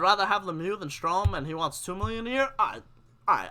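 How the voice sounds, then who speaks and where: Young male live-stream host, excitable and opinionated, bright tense tone. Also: high voice, quick pace. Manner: animated, gets worked up, reads chat questions aloud. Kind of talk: casual live-stream hockey chat.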